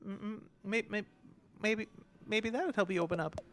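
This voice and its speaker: A man's voice: sits high, normal speed, fairly bright tone. A man voicing a small, timid young hermit crab hero who stammers nervously in a video game.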